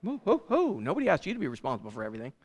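A calm, reassuring Lord who chides gently in a soft, quick voice, as a man preaching a sermon puts him on. The tone stays quiet and steady throughout. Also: fairly high pitch, long reverb tail, full character voice. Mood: gently chiding.

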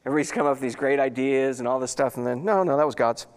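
A man's voice: mid-range voice, racing, clean tone, big-room sound. A man preaching a sermon as pastor, reading scripture and breaking into folksy, chatty asides.

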